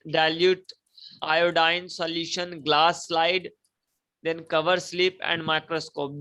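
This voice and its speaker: A man's voice: fairly high pitch, bright, forceful tone, smooth, poor audio. A male teacher, giving a classroom lecture, repeating key points and asking students to repeat after him. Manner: repetitive, emphatic, prompts students to repeat.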